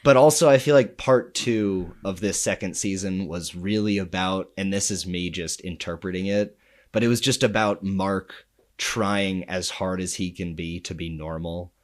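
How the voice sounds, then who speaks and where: A man's voice: low-pitched, normal speed. A man co-hosting a podcast in casual chat, laughing along and chiming in with short agreeing replies. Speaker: podcast co-host.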